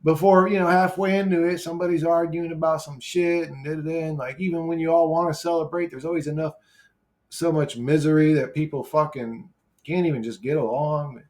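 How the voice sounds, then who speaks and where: A man's voice: a little high, fairly even intonation, a little fast, a little mellow. A brash man who swears freely, rambling casually as he replies to viewer comments. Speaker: YouTuber replying to comments.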